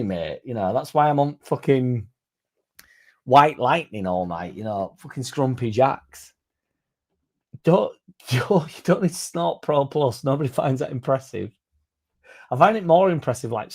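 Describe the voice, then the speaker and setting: A man's voice: mid-range voice, lively intonation, unhurried, pauses often, a little mellow, breathy edge. A man hosting a football fan channel, chatting casually in a rambling, sweary, self-mocking way.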